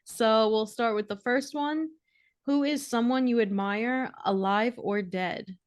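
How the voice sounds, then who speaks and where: A woman's voice: a little high, unhurried, dry recording, studio quality. A woman co-hosting a podcast in casual chat, giggly and easygoing as she runs the segments. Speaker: podcast co-host.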